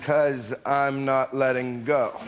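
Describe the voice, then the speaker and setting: Male comic, deadpan and very slow, halting delivery. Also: mid-range voice, very noisy. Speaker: panelist. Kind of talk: stand-up routine.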